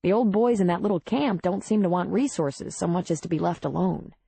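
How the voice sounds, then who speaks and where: A woman voicing a steady, plainspoken small-town bar owner in an audiobook. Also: fairly low pitch, a little fast, creaky, breathy edge. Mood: reassuring. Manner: calm, matter-of-fact.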